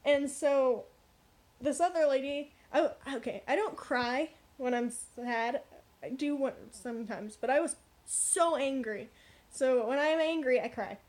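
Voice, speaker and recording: A young woman vlogger telling a workplace story in a casual, animated, blunt way. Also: high voice, measured pace. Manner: animated, blunt, frequent swearing and asides.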